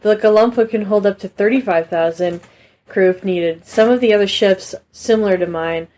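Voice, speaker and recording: Deadpan woman reading a silly book. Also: medium pitch, moderate pace. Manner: flat reading, bored and dismissive asides. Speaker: co-host reading aloud.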